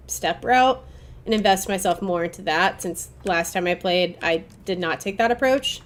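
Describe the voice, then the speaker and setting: Relaxed woman streamer, speaking a little low, keeps up loose gameplay chatter with her viewers and piles on filler words as she thinks aloud. She sounds conversational and unscripted. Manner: chatty, rambling, hedging with "like"; talks to her chat while playing. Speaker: game streamer. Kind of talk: casual gameplay commentary.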